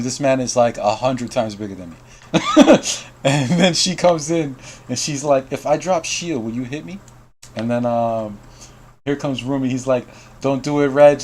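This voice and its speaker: A man with a medium-pitched, slightly mellow voice hosts a game news stream, casually telling a story to call guests. He laughs often and reads out chat messages, with slight background noise present.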